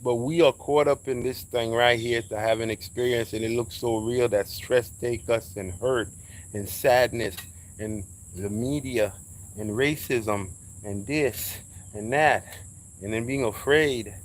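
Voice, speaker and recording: A man's voice: medium pitch, measured pace, a little hiss or hum. A man giving a casual spiritual monologue, preachy and emphatic, swearing freely as he talks. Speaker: speaker sharing spiritual views.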